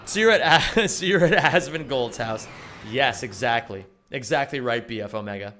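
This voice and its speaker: Chatty young male streamer, lively pitch. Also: moderate pace, slight background noise. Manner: joking, chatty, greets viewers by name. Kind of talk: casual live-stream chat while gaming.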